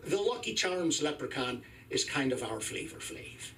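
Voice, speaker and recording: Man, 50s, profane stand-up comic, lively delivery, faint club noise behind. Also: mid-range voice, normal speed, creaky, distant mic. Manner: crude, profane, wry storytelling. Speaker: stand-up comedian. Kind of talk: stand-up comedy set. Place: comedy club stage, live.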